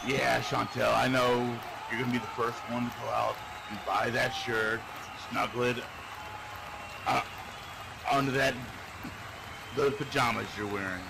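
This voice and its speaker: Gravelly, cocky male wrestler promo. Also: medium pitch, fairly even intonation, a little slow, long pauses, a loud crowd, heavy background noise. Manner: cocky, stumbling boasts.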